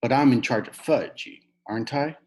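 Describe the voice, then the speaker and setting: A man reading aloud and voicing a bossy know-it-all schoolgirl in a shrill, sing-song way. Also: normal speed, darkish tone, lightly acted. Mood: prim.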